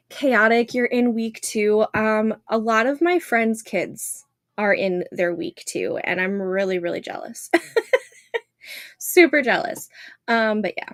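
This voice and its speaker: A woman's voice: a little high, no room sound. A woman in her thirties hosting a casual writing livestream from home, chatting with viewers and greeting them by name.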